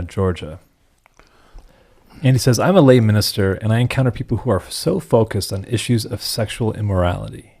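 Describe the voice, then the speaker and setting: A man's voice: lowish voice, darkish tone. A man in his thirties co-hosting a podcast, talking in an easygoing, earnest way and reading out listener questions. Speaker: podcast co-host. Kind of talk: casual podcast conversation.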